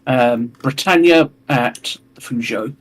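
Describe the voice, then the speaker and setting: A man with a husky voice plays in a tabletop naval battle. He pauses with hesitant ums before naming which ship fires at which. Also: medium pitch. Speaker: player. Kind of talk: casual tabletop game chat.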